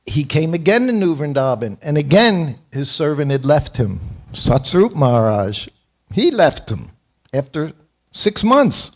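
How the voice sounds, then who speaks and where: A man's voice: on the high side, sing-song, measured pace. An older man in his seventies speaks in a slightly raised voice as he leads a morning temple class. He tells personal stories in a self-deprecating way and often breaks into chuckles. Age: 70s. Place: temple hall.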